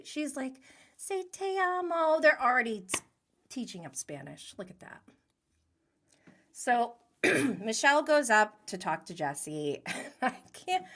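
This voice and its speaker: A woman's voice: medium pitch, sharp tone. A young woman casually recapping a reality show, chatty and giggly, acting out the cast's lines. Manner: chatty, giggly, acts out quotes.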